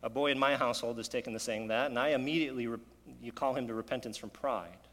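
A man's voice: medium pitch, fast, fairly bright tone, in a large hall. A man preaching a sermon in an earnest, conversational way, often asking his listeners rhetorical questions. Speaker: pastor.

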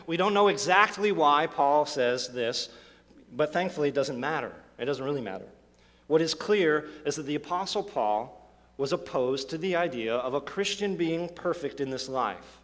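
A man delivers a sermon from the pulpit in a slightly high voice. He is emphatic and earnest, restarting phrases and pressing rhetorical questions on his listeners. His voice rings out with a long reverb through a church sanctuary. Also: expressive, moderate pace, a bit bright. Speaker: pastor.

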